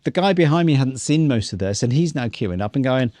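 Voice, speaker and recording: A man tells a story to his co-host in a relaxed vlog chat. He slips into other people's voices as he quotes them and lets the odd swear word drop. The sound is dry and close. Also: mid-range voice, a little fast, dry recording. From New Zealand. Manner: animated storyteller acting out quotes; swears casually.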